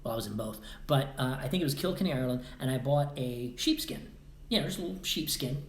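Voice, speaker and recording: A man's voice: mid-range voice, fast, a little hiss or hum. A man hosting a podcast, giving a casual motivational monologue with rambling asides and acted-out quotes. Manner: animated, acts out quoted voices, rambling asides. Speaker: podcast host. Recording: roomy echo.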